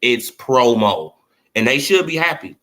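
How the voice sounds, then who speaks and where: Very animated and a little slow, this man's fairly bright voice delivers casual boxing opinions in loose slang. He's a boxing commentary vlogger who often asks if you feel him, acting out imagined conversations with a swinging pitch.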